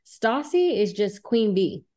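A woman's voice: medium pitch, sing-song, slow pace, dark tone. A woman podcast co-host giving her opinions in loose casual chat, with fillers and slang.

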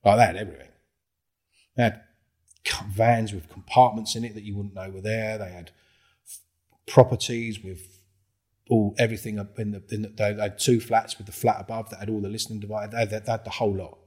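A fairly quick, lowish, husky voice from England: a former undercover police officer guesting on a casual interview and spinning stories. He swears heavily and mimics what others said in spirited voices.

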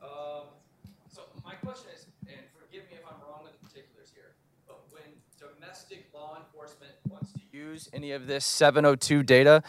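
A man in the audience asking a question from the floor, hesitant and polite. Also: a little high.

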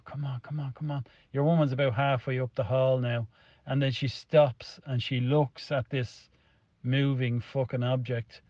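Middle-aged Irish man, mid-pitched, heavy swearing, loose anecdotal delivery, dull lo-fi clip. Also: darkish tone, no room sound. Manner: swears constantly, rambling, vivid retelling. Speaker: storyteller in a played clip. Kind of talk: casual spoken anecdote.

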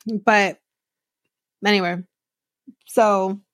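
A woman's voice: medium pitch, fairly even intonation, drawn-out words, dry recording, studio quality. A woman hosting a podcast, recapping a reality show in a chatty, rambling way with many restarts. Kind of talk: casual chat recap.

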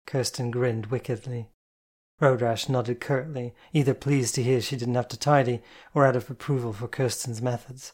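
A reader narrating a novel in first person, measured and reflective. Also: medium pitch, fairly even intonation, darkish tone. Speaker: audiobook narrator.

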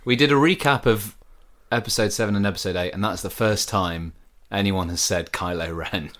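A man's voice: on the low side, moderate pace. A man co-hosting a comedy podcast, joking and laughing with friends. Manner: playful, lively, laughs often. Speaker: podcast co-host. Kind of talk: comedic casual chat.

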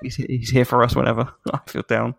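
A podcast co-host in casual chat, making playful deadpan jokes. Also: medium pitch, a little fast, gravelly, dry recording.

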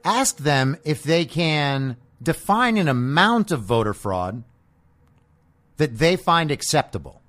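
A man's voice: a little high, very animated, takes it slowly, a bit bright. A man hosting a political podcast, delivering a combative, profane monologue full of sarcastic rhetorical questions. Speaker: podcast host.

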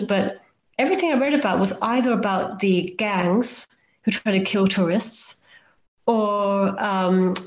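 A woman's voice: medium pitch, a little mellow. A woman guest on a podcast telling her travel stories in a chatty, self-deprecating way and acting out the lines people said to her. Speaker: guest author and volcano climber. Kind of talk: anecdotal storytelling in a podcast interview. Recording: roomy, slightly dull remote audio.

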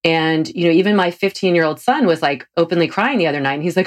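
A woman in her forties hosting a casual interview, gushing and effusive, her pitch leaping up when she gets excited. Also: quick pace, hardly any pauses. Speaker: podcast host.

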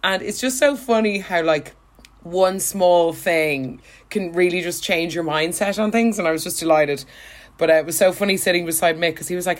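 A woman's voice: fairly low pitch, normal speed. A young woman, co-hosting a casual chat, talking with lots of fillers and frequent laughs. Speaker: podcast co-host.

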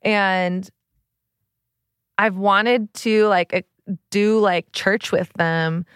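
A podcast host and relationship coach in her thirties talks openly and earnestly in a personal, confessional way, full of "like" fillers. Her medium-pitched voice is steady, clean, and very slow, recorded at studio quality with no room sound.

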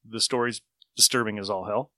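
Guy rambling on a podcast, laughs and swears a lot, bright voice. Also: lowish voice, fairly even intonation, brisk, no echo, clean studio sound. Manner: loose, rambling storytelling with frequent laughs and swearing. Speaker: podcast host reviewing comics. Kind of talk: casual chat.

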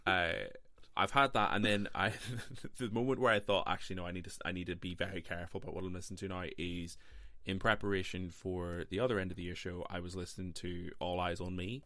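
A man's voice: sits low, steady tone, quick pace, no echo, clean studio sound. A man in his thirties hosting a podcast, telling stories casually with fillers. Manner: warm storytelling with frequent fillers. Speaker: podcast host. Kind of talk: casual chat.

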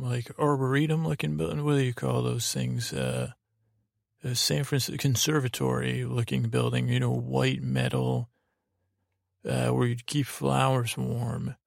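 Recorded in a clean studio with no room sound, a man hosting a podcast rambles through a sleep story. His gravelly voice sits at medium pitch, and his bedtime tale meanders with hesitations and restarts.

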